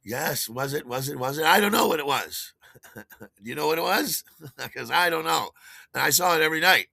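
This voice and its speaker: An older man hosting a podcast, telling a rambling story in a casual, animated way with restarts and chuckles. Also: normal speed, creaky, no room sound, studio quality. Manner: animated, acts out quotes in a higher voice. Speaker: podcast host.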